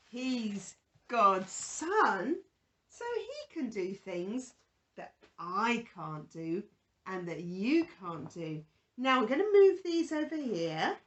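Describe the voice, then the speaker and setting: A woman presenting a children's Bible lesson, talking gently and with exaggerated feeling to toddlers and a puppet. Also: a little high.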